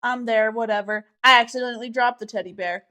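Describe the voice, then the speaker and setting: A woman's voice: a little high, steady tone, fast, sharp tone. A young woman co-hosting a podcast, teasing and playful in casual chat. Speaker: podcast co-host.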